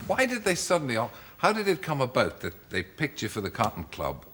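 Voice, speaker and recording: Quick, lively male talk show host. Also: medium pitch, a little hiss or hum. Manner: teasing, quick questioning. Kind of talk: chat show interview.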